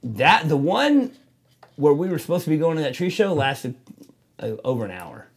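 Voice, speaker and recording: A man's voice: fairly high pitch, normal speed, slightly rough. A man, owner of a tattoo shop, telling stories in casual chat, swearing freely and acting out the voices of people he quotes. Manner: animated storyteller, acts out quoted voices; swears freely, many fillers.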